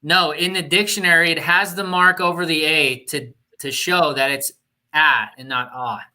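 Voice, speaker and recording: A man's voice: a little high, fairly even intonation, normal speed, sharp tone. A man from Nevada calling in to a live Q&A, polite and matter-of-fact as he chats with the host. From Nevada, United States. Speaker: caller. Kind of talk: casual Q&A chat.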